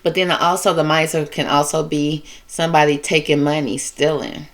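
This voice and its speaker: Low-voiced woman giving a tarot reading. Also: fairly even intonation. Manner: conversational, repetitive, emotive, drawn-out phrasing. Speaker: tarot reader. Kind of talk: casual tarot reading monologue.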